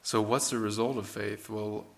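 A man's voice: fairly low pitch, little pitch movement, moderate pace, creaky. A man preaching a sermon in an earnest, conversational way, with rhetorical questions and frequent restarts.

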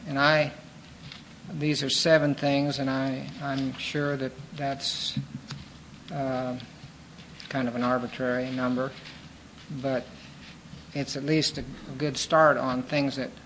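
A man preaching a sermon in an earnest, measured teaching manner, pausing with fillers and restarting phrases. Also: medium pitch, little pitch movement, fairly bright tone, slight background noise, low-quality recording.

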